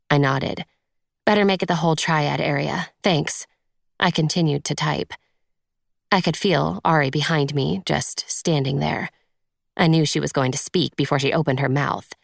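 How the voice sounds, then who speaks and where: A woman reads a first-person romance audiobook in a measured, intimate manner. Her voice is low and has a gravelly fry in it. The recording is close and dry. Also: fairly even intonation, no room sound. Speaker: audiobook narrator.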